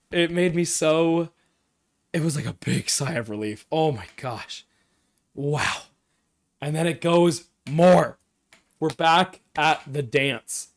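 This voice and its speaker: A man streaming live, recapping and analyzing a TV episode with excitable, emotional fan reactions and rambling asides. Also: a little high, a little slow, smooth.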